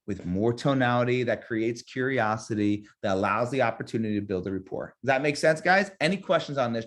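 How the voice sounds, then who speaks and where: Guy running a live sales training webinar, upbeat, keeps repeating stuff and role-playing phone calls. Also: mid-range voice. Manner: energetic, repeats key phrases, acts out sample sales calls. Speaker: real estate sales trainer.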